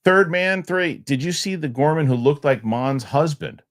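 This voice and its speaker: A man's voice: on the high side, expressive, moderate pace, no echo, clean studio sound. A man hosting a casual live show, rambling loosely and reading viewer comments aloud. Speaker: host.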